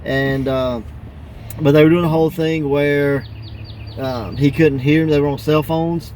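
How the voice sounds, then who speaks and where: A man hosting a casual wrestling podcast, laughing often and acting out quoted wrestlers in higher voices. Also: fairly even intonation, measured pace, darkish tone, slight background noise. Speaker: podcast host.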